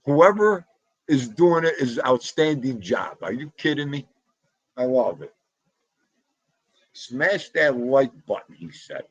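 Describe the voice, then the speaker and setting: Husky, slow-talking livestream host. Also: male voice, mid-range voice, dry recording, muffled recording. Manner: animated, talks loudly, greets chatters by name. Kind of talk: casual livestream chat reading comments. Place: home room.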